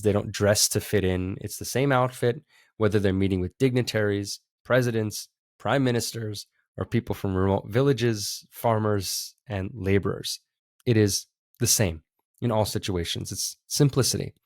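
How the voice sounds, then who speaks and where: An earnest male podcast host shares a spiritual story in a sincere, reflective way. His voice sits on the low side. The recording is dry and close, with no room echo. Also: darkish tone. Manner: earnest, heartfelt.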